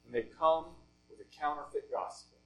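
A male pastor delivers a sermon in deliberate, measured phrases, his voice sitting fairly high for a man. He often lets a thought sink to a soft, low finish before going on. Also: slight background noise, rough recording.

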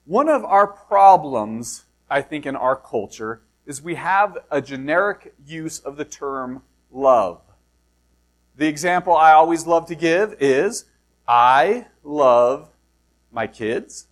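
A middle-aged man preaching a sermon, reading scripture slowly, then explaining it in a conversational way with rhetorical questions and self-deprecating asides. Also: on the high side, lively intonation. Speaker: pastor.

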